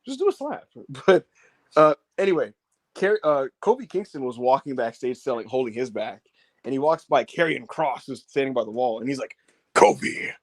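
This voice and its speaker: A man co-hosting a casual wrestling review show, animated and profane, laughing often and acting out what people said. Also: medium pitch, brisk, no room sound. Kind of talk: casual show recap chat.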